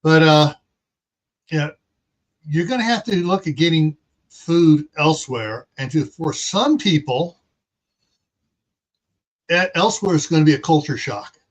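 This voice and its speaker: A man from California hosts a casual livestream chat. His voice sits a little higher than most men's. He rambles from point to point and throws in sarcastic asides. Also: lively intonation, unhurried, pauses often. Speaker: host.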